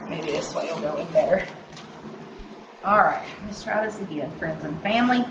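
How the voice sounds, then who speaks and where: A woman's voice: on the low side, lively intonation, moderate pace, noisy background. Lady walking thru a craft project live, singsongy and chatty, kinda muffled and roomy. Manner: chatty, sing-songy, talks to herself while working. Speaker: craft tutorial host. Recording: roomy, slightly dull sound.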